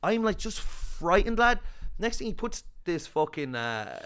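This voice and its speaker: Animated Northern Irish man telling a story. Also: sits high, a little slow, clear, resonant tone. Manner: animated, swearing, breathless retelling with quoted voices. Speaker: podcast co-host. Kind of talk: casual storytelling chat.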